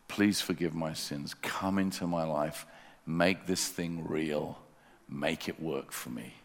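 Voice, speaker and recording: A man preaching a sermon in a church, earnestly inviting listeners and leading them in a quiet prayer. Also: a bass voice, long reverb tail. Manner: earnest, pleading, drops to a soft hush in prayer. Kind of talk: sermon with altar call prayer. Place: church sanctuary.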